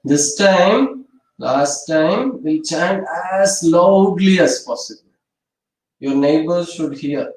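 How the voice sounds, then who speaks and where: A man guiding a yoga class in calm, gentle, step-by-step instructions. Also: a little high, takes it slowly. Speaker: yoga teacher. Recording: echoey room from far off.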